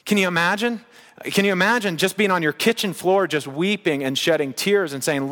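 A man with a fairly high voice preaches in a relaxed, conversational manner, building to emphatic, rising bursts. His voice rings with a long reverb, as in a large church hall. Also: a little fast. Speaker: pastor. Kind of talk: sermon.

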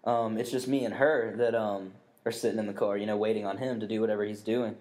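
Speaking fast in a low-leaning, steady voice with a darkish tone, this young podcast co-host rambles through a story. He swears a lot and keeps restarting and filling gaps with filler words.

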